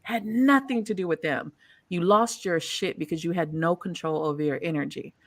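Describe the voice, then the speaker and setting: A woman hosting a casual chat, telling stories in an animated, profane way and laughing often. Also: fairly low pitch, normal speed, dry recording. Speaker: host.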